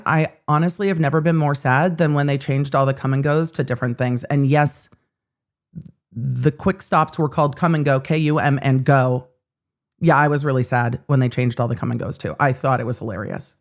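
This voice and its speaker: A middle-aged woman hosting a casual livestream of legal commentary. She chats with her viewers, swears freely and breaks into animated asides. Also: low-pitched. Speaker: host.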